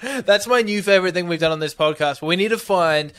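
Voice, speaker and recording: A man's voice: high-pitched, a little fast, fairly bright tone, smooth, dry recording, studio quality. A man hosting a podcast, chatting enthusiastically and laughing between remarks. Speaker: podcast host. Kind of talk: casual chat.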